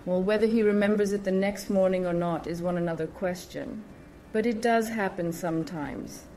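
A woman's voice: medium pitch, normal speed, mellow. Emphatic woman explaining in casual talk. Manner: emphatic, repeats for stress, awkward phrasing. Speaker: spiritual channel host.

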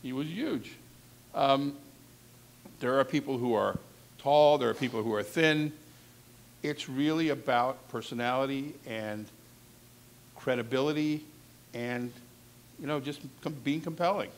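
A man teaching a class on reporting speaks a little slowly in a mid-range voice, pausing often. As a talent coach, he's candid and conversational, with frank asides, and the recording has a bit of hiss or hum.

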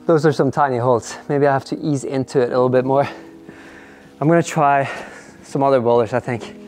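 A man's voice: mid-range voice, steady tone, a little fast, background noise. A man out of breath in an indoor climbing gym, talking casually into a clip-on mic between climbs, with sighs and puffs. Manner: chatty, sighing and puffing between climbs. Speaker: climber filming himself. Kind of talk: casual on-the-spot commentary. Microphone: clip-on microphone worn on the body.

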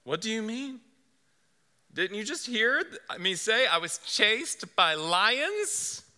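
A man's voice: high voice, expressive, moderate pace, pushed and bright, big-room sound, pitched above the performer's own voice. A man voicing a frightened, self-pitying young boy who pleads in a raised voice, read aloud from a storybook during a sermon. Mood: bewildered.

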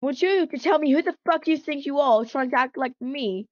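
A furious male train engine, played by a woman, loud, aggressive and swearing. His voice swings sharply in pitch. The recording is dull and dry. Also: sing-song, normal speed, no room sound.

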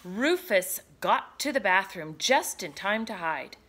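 Woman narrator for a kids' picture book, expressive and sing-song. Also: medium pitch, slow, noisy background. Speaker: storybook reader. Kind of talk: children's read-aloud narration.

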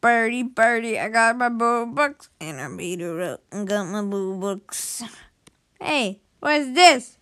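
A woman playfully narrating a game role-play, excitable and breaking into sudden shouted outbursts. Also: a little high, slow pace. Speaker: gameplay narrator.

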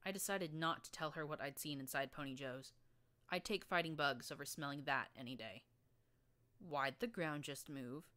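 Brief: female audiobook narrator, low-pitched but bright and crisp, dramatic first-person action reading. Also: a little fast. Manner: vivid, action-driven storytelling.

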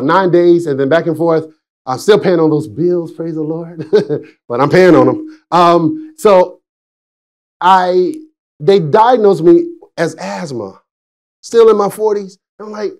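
High-voiced laughing pastor telling stories. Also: male voice, unhurried. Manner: chatty storytelling with frequent laughs; swings between excited and hushed. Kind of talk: sermon. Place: church service.

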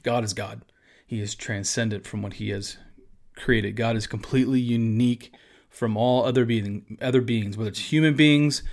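Man, pastor, casual podcast teaching, conversational asides, middle pitch.

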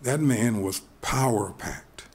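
A man preaching a sermon, retelling stories in an animated way, chuckling often and restarting his sentences. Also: mid-range voice, slow pace, breathy edge. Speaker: pastor.

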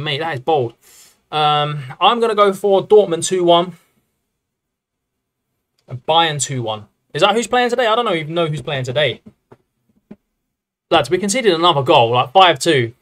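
Male game streamer, slightly raised pitch, casual rambling live-stream chatter, excitable. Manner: chatty, rambling and excitable, often addressing the chat as lads. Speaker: streamer playing a football management game.

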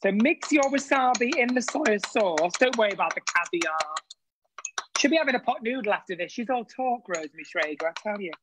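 A woman's voice: a little high, lively intonation, brisk, noisy background. A woman co-hosting a live cooking show over a video call, chatty and playfully teasing her partner. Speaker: co-host.

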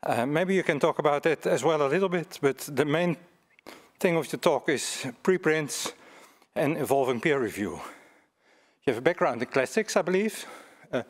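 A man's voice: fairly high pitch, lively intonation, normal speed. A man introducing a speaker at a seminar, a little out of breath and hesitant, with many fillers. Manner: hesitant, with restarts. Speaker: seminar moderator.

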